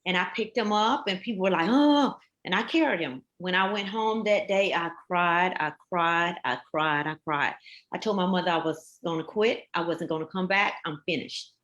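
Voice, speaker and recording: A woman's voice: fairly low pitch, moderate pace, a bit bright. A woman, a fire captain on a panel, telling her story earnestly and emphatically, with many repetitions. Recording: echoey room.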